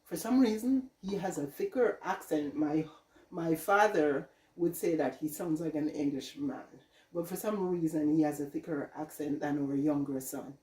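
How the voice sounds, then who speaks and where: A woman's voice: low-pitched, moderate pace, dark tone. A middle-aged Jamaican woman vlogging from her home kitchen, chatting casually, rambling and laughing often. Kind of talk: casual chat. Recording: echoey room, mic at a distance.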